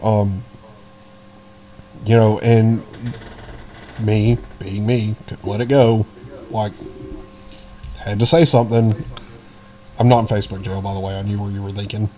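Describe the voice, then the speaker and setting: A man's voice: fairly low pitch, level tone, unhurried, long pauses, dark tone. A young man co-hosting a podcast, talking bluntly in casual, profane banter. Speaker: podcast co-host.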